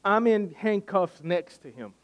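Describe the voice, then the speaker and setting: Scared disciple guy going no no not me, preacher doing the voice, kinda high. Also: animated, a little slow. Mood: defensive. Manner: defensive, flustered denials. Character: frightened adult male disciple denying under pressure.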